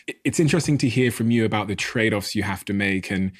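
Young male host: rapid, dry-sounding delivery, asks curious personal questions. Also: on the low side, no room sound. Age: young adult. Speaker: interviewer, host. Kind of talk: casual interview questions.

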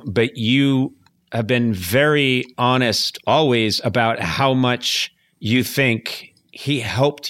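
A man hosting a podcast, asking measured questions with brief, attentive replies. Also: mid-range voice, a bit bright. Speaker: podcast host. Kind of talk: casual interview.

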